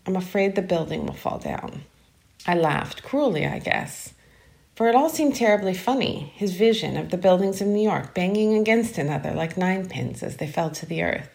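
Woman reading fiction, slight vocal fry. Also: fairly low pitch, animated, moderate pace, a little mellow. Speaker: reader of a short story. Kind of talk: literary reading.

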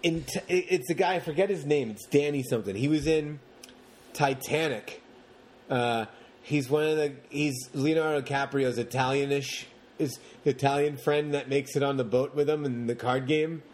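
A man co-hosting a podcast, chatting casually about movies in long, animated rants and mocking the characters as he goes. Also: medium pitch, moderate pace. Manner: rambling, animated rants with mocking put-on quotes. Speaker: podcast co-host.

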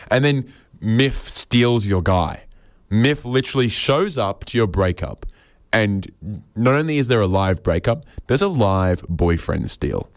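A man's voice: fairly low pitch, animated, a little slow, no echo, studio quality. A man riffing through an absurd comedy scenario in a playful, rambling way.

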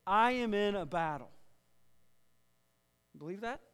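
A man with a notably high voice preaches to a congregation in a casual, conversational way, often repeating and restarting phrases. He draws the room in with call-and-response. His voice rings with long reverb from a large church hall. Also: animated, slow pace, fairly bright tone, clear, resonant tone. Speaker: pastor. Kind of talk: sermon. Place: church sanctuary.

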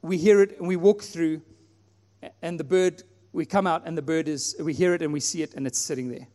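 A man from South Africa preaching a sermon in a church, telling a personal story and acting out his own prayers with animated delivery. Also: fairly high pitch, fairly quick. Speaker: pastor. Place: church hall. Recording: long hall reverb, faint music.

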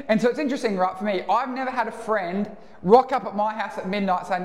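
A higher-voiced Australian man preaching a relaxed, storytelling sermon. His voice fills a roomy church hall, with a long reverb behind each phrase. He sounds easy and conversational rather than formal. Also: fast. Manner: casual and storytelling. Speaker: pastor. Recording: echoey church hall, live.

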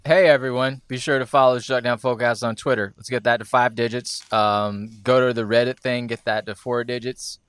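A male podcast co-host who speaks at a middle pitch with a deadpan, wordy delivery, often pausing on "um." The recording is dry and close. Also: smooth, dry recording. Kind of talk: casual chat.

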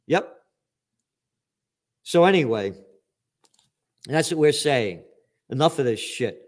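An older man giving an indignant, profane commentary monologue, swinging from loud outbursts to low muttering. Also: animated, slow. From United States.

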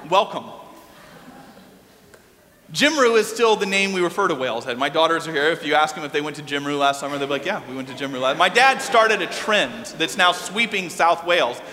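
A middle-aged man preaching a sermon, telling a story in an animated, lively way. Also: fairly high pitch, fairly quick, hardly any pauses. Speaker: pastor. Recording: long hall reverb.

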